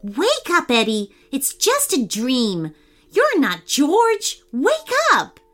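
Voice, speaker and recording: A woman's voice: very high voice, wildly swooping pitch, takes it slowly, pushed and bright, faint music behind, voice pushed up, exaggerated voice. A woman voicing a greedy, spoiled rich schoolboy who taunts in a sneering, bratty way in a storybook reading. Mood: panicked.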